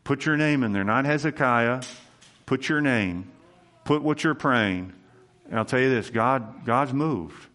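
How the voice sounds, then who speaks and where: A man's voice: mid-range voice, unhurried, fairly bright tone. A man preaching as pastor, earnest and emphatic, repeating key phrases as his sermon moves into prayer.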